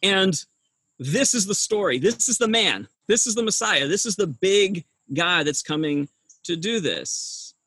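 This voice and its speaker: A man's voice: sits high, animated, a little slow, sharp tone. A middle-aged male pastor preaching a sermon, telling the story with humor and asking his listeners frequent rhetorical questions.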